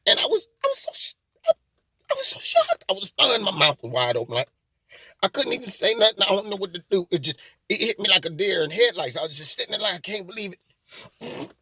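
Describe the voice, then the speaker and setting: A man's voice: sits high, huge pitch swings, brisk, sharp tone, husky, no echo, heavily acted. A man playing a melodramatic, weepy man in a satirical comedy sketch, sobbing and trailing off. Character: melodramatic weepy man telling of a store insult.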